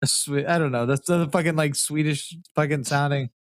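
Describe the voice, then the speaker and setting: A man's voice: fairly high pitch, fairly even intonation, normal speed, dry recording, clean studio sound. A man hosting a podcast in casual chat, talking loosely with lots of swearing and laughing. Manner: loose, profane, laughing often. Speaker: podcast host.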